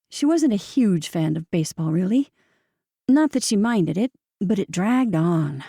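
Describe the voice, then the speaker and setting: Gravelly dark-voiced woman narrator. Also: medium pitch, dry recording, studio quality. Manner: measured, steady storytelling. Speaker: audiobook narrator. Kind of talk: scripted audiobook narration.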